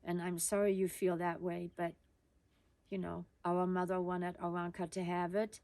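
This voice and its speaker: A woman voicing a calm, protective mother. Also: on the low side, normal speed, no room sound, close to an everyday voice.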